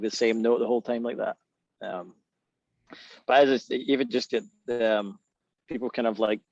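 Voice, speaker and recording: Gravelly Scottish man on a dull call. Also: on the low side, darkish tone, dry recording. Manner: chatty, rambling, laughs often. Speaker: guest musician. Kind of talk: casual video panel chat. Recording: dull dry video call audio.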